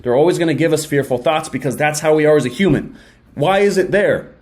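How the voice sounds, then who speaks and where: Young man, slightly high voice, slangy, energetic, motivational chat to camera, acts out little back-and-forth dialogues. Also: fast. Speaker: self-help video host. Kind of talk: casual motivational talk to camera.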